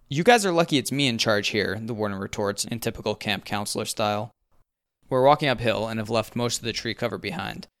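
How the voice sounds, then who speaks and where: A young man narrating a first-person story in a wry, even manner. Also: lowish voice, clean tone.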